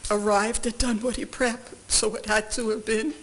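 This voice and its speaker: A woman's voice: a little high, flat delivery, normal speed, breathy edge. An older woman giving testimony in a courtroom, answering questions with brief, careful replies. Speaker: witness.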